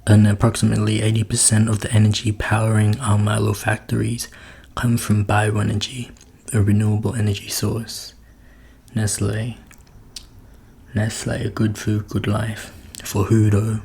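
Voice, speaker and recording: A man making a soft-spoken ASMR video in his room at home. He switches between whispering and quiet talk into a close mic, with wry joking asides. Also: lowish voice, completely flat delivery, moderate pace, creaky. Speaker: ASMR creator.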